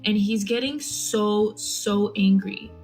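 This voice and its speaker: A woman's voice: medium pitch, fairly even intonation, takes it slowly, a little mellow, soft background music, poor audio. Chatty young woman telling a storytime. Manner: chatty, many "like" fillers, acts out quotes. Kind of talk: casual storytime chat.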